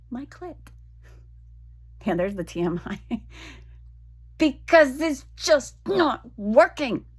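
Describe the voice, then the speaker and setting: A woman talking frankly in a personal vlog, venting with blunt swearing and halting restarts. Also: fairly high pitch. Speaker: vlogger.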